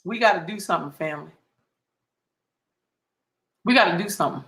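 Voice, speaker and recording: Fiery, high-voiced man ranting on a livestream. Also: a little fast, sharp tone, reverberant. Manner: heated, profane, emphatic and repetitive. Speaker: livestream host. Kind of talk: impassioned livestream monologue.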